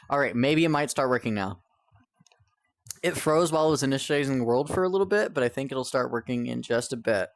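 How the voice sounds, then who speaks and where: A man's voice: medium pitch, expressive, brisk, no echo. Exasperated young male streamer, dry sound. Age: young adult. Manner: exasperated, rambling, swears a lot, talks to chat. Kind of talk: live-stream chat while gaming.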